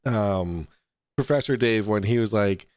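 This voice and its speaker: A man's voice: on the low side, measured pace, a little mellow, dry recording. Man host, dry close sound. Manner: rambling, restarts often, laughs easily. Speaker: talk show host. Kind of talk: casual podcast chat.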